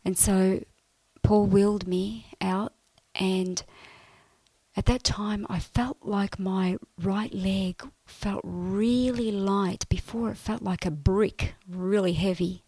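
Slow, earnest woman giving faith testimony. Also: medium pitch, steady tone, no echo. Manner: earnest, emotional storytelling, often soft and breathy.

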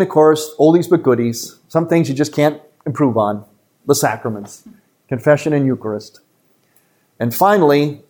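A man, a priest giving a retreat talk to a live audience in an earnest, emphatic way with quick asides. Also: mid-range voice, a little mellow.

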